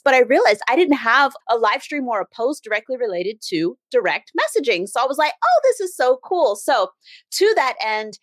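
A woman hosts a business podcast in a casual, animated solo talk, mimicking other people as she tells stories. Her voice sits a little high. The sound is dry and close. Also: dry recording. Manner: animated, acts out quoted voices with big pitch jumps. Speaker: podcast host and brand strategist.

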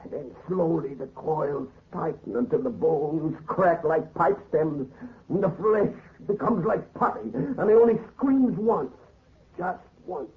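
A gruff, slangy adventurer who is jittery and haunted by fear, his voice a little high and strained. It comes through thin and tinny, like a vintage radio play. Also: measured pace. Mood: fearful, feverish. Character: haunted rough adventurer, terrified of a curse. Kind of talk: 1930s radio drama acting. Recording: tinny old radio recording.

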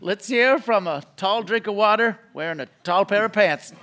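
A man hosting a live comedy quiz on a theatre stage, jokey and quick with asides. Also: high-pitched. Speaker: quiz host. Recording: live theatre audience, light noise. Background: audience laughing and clapping.

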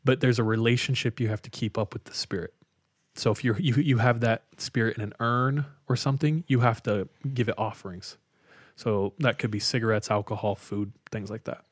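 A man co-hosting a podcast, casually retelling a spooky story with lots of fillers and a hushed tone for the eerie parts. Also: lowish voice, fairly even intonation, a little fast, dry recording, studio quality. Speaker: podcast co-host telling a story.

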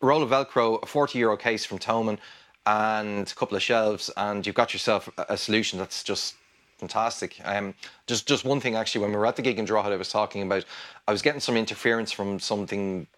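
A man with an Irish accent, talking as a guest guitarist in a casual interview, rambling and animated with many restarts. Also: lowish voice, fast talker. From Ireland.

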